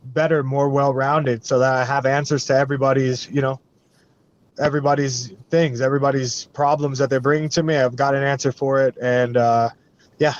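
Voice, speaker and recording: Man, interview guest, halting speech, lots of ums, slightly dull recording. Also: mid-range voice. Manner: relaxed, halting with many fillers. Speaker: guest fighter. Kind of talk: casual interview answers.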